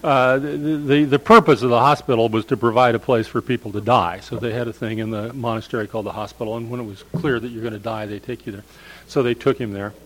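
A man's voice: medium pitch, fairly even intonation, quick pace, fairly bright tone, a little hiss or hum, low-quality recording. An older man, a professor of English literature, giving a discursive storytelling lecture with frequent fillers.

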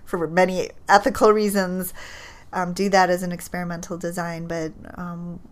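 Her voice is fairly low and her delivery flat as this child psychologist lays out research results. She is thoughtful and measured, though she uses fillers and restarts.

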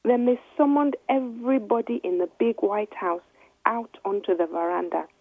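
A woman reading a children's story aloud in gentle, measured narration. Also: mid-range voice, husky, dry recording. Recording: dry, tinny phone-like line.

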